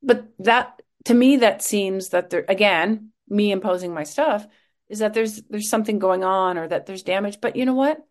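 Here a middle-aged podcast host is the one being interviewed, her mid-range voice moving at a moderate pace. Her casual storytelling is lively, and she performs the quotes as she goes.

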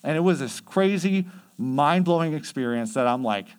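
A man's voice: fairly high pitch, expressive, normal speed. Chatty man telling faith stories. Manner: conversational, chatty with many fillers. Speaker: youth mission trip leader. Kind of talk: casual storytelling.

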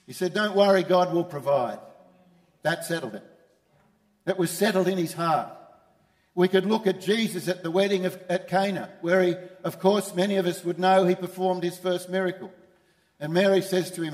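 A man's voice: high-pitched, moderate pace, in a large hall. A man preaching a sermon as pastor, emphatic and repeating his key phrases. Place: church.

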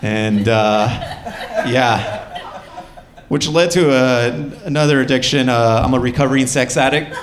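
A man's voice: medium pitch, measured pace, crowd noise. A young man doing a stand-up comedy set, with a loose, wry delivery full of fillers.

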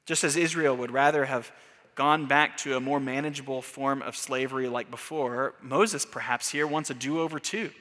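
A man's voice: fairly high pitch, expressive, normal speed, sharp tone. Man preaching in an echoing hall. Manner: earnest, rising to emphatic rhetorical questions. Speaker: pastor. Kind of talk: sermon.

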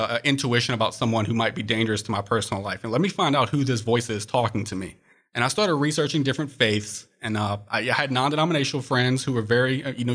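A young man with a bright, forceful voice, speaking as a guest on an interview show. He tells his story earnestly and reflectively, with plenty of "uh"s along the way. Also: medium pitch. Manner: earnest, reflective, frequent "uh" fillers. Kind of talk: personal testimony in interview.

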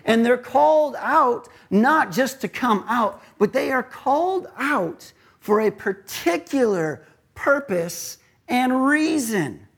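A man's voice: extremely high pitch, animated, slow, creaky, fairly bright tone, slightly rough. Man preaching a conversational sermon. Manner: conversational, asks many rhetorical questions. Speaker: pastor.

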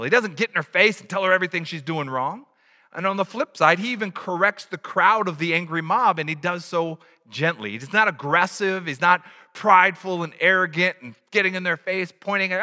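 A man preaching a sermon as pastor, animated, acting out little scenes from everyday life. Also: a little high, in a large hall.

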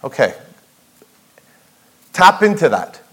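A man's voice: a little high, very animated, slow, fairly bright tone, breathy edge, rough recording. A man preaching a sermon as pastor, emphatic, asking rhetorical questions and repeating key phrases for weight. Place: church sanctuary.

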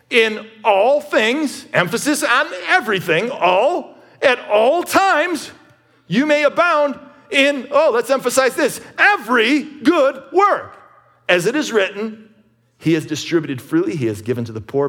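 A man's voice: mid-range voice, breathy edge. A middle-aged man preaching a sermon as pastor, emphatic and conversational, often repeating words as he restarts.

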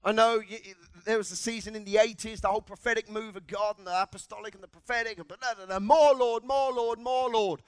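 A male preacher delivers an impassioned sermon in a church. His voice sits very high for a man, and he swings from quiet asides to full-throated shouts. The sound is dry and close. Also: flat delivery, fast talker, hardly any pauses, smooth, no room sound. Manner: impassioned, shouting in bursts, congregational call-and-response.

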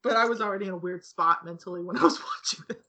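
A woman's voice: lowish voice, rapid-fire, bright, forceful tone. A woman co-hosting a podcast in casual chat, laughing often as she talks. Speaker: podcast co-host.

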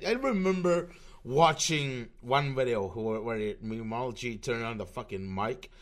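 A man's voice: mid-range voice, a bit bright. Profane, rambling young man ranting. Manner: profane, rambling, sarcastic, frequent restarts. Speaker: online commentary host. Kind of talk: ranting commentary over a screen recording.

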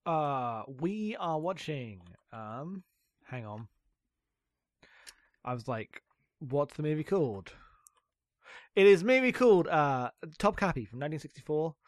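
A man's voice: on the high side, very animated, unhurried, pauses often, no echo, clean studio sound. A man co-hosting a podcast, self-deprecating and swearing casually. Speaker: podcast co-host.

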